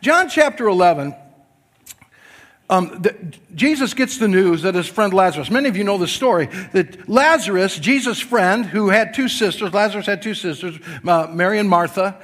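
A man preaching a sermon as pastor to a church congregation, swinging from loud emphatic passages to soft quiet asides and joking with the listeners. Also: sits high, animated, normal speed, in a large hall. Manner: jokes with the congregation.

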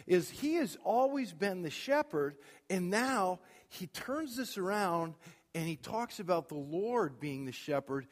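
Casting note: middle-aged male pastor, high voice, emphatic preaching, long hall reverb. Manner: emphatic preacher, swings between loud declarations and quiet asides. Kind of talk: sermon. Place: church sanctuary.

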